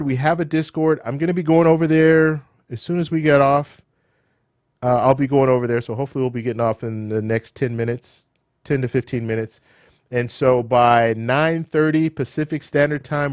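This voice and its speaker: Animated man hosting a livestream, dry sound. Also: mid-range voice, no room sound. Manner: animated, repeats words and restarts, rhetorical questions. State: losing his voice. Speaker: livestream host. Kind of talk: casual live commentary and chat Q&A.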